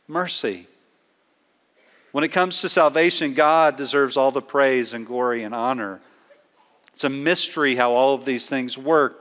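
A man preaching a sermon as a pastor, earnest and emphatic, slowing down to stress key words. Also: mid-range voice, fairly bright tone, in a large hall.

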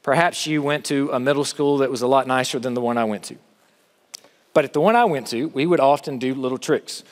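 A man's voice: mid-range voice, fairly quick. A middle-aged man preaching a sermon in a large chapel, talking conversationally and asking the audience questions. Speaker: campus chapel speaker. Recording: long reverb of a large hall.

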